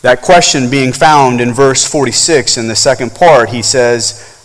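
A pastor preaching a sermon at a church service, swinging between loud emphatic climbs and soft low passages. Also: male voice, a little slow, long reverb tail, low-quality recording.

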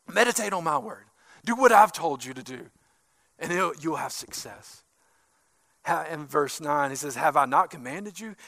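High-voiced pastor preaching with fervor. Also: male voice, vocal fry, no room sound. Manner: emphatic, swinging from loud bursts to hushed asides. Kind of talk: sermon.

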